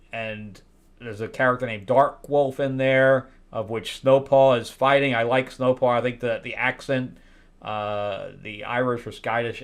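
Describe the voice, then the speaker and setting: A man giving a casual spoken review of comic books, candid and wry, pausing often with fillers and restarts. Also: medium pitch, clear, resonant tone. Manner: candid and wry, with loud incredulous outbursts; hesitant, many fillers and restarts.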